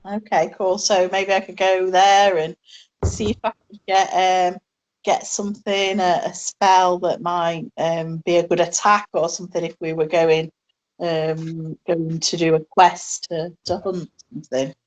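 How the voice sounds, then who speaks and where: A woman's voice: fairly low pitch, little pitch movement, a little slow, rough recording. A woman playing a tabletop game, hesitant, with many ums and restarts as she thinks aloud. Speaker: player. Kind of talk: casual tabletop play.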